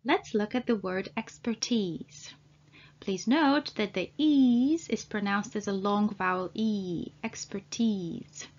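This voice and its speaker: A woman language trainer giving an English pronunciation lesson, saying each word slowly and spelling out its sounds. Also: mid-range voice, animated, vocal fry, darkish tone, muffled recording. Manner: slow, deliberate, spells out sounds.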